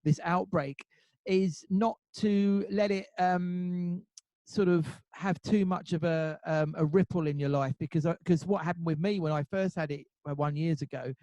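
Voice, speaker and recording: A man speaks as the interviewer, his voice fairly high for a man yet mellow and dark in tone. He stumbles through restarts and fillers as he reflects. The sound is close and dry, with no room behind it. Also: fairly even intonation, moderate pace, dry recording. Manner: hesitant, many repeats and fillers. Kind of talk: casual interview talk.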